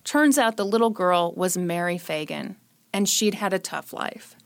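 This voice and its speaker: A woman's voice: lowish voice, lively intonation, measured pace. A young woman hosting a podcast, telling a true-crime story in a casual, sarcastic way. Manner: sarcastic, joking. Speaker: podcast host.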